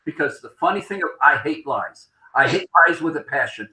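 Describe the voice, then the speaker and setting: A man with a high, very bright voice hosting a casual chat in a garage. He speaks bluntly and with emphasis, and the room gives his voice a clear echo. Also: animated, moderate pace. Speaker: show host.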